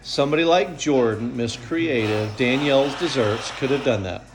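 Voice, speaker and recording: A man's voice: mid-range voice, normal speed, noisy background. An older man narrating a casual home video from his kitchen, chatty and proudly playful as he shows off his cooking. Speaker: family cook filming a holiday video. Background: frying sizzle.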